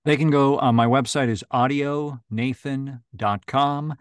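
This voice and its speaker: Man, audiobook narrator, casual chat, middle pitch, dry sound, lots of ums and restarts. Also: steady tone, a little slow, smooth, dry recording. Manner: chatty, many fillers and restarts. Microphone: video call.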